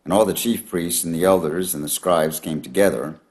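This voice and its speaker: A man reading a long Bible passage aloud in a measured, steady way. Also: low voice. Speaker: scripture reader.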